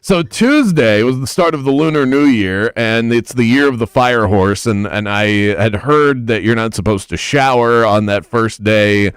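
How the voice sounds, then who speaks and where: A man's voice: medium pitch, moderate pace, hardly any pauses, smooth, no room sound, studio quality. A man hosting a sports radio show, opinionated and wry, wandering off into stories. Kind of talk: sports talk radio banter. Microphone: studio microphone.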